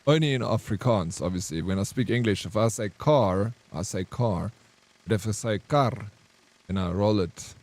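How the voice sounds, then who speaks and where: Streaming a game live, this South African man keeps things relaxed, reading out viewer comments and replying in a chatty way. His voice is lowish and darkish in tone, and he speaks fairly quickly.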